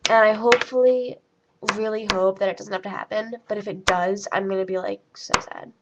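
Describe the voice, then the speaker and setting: A woman's voice: mid-range voice, steady tone, a little fast, heavy background noise. A teenage girl telling a story in a casual vlog, rambling and chatty with lots of fillers and quoted dialogue. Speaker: vlogger. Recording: lo-fi webcam audio.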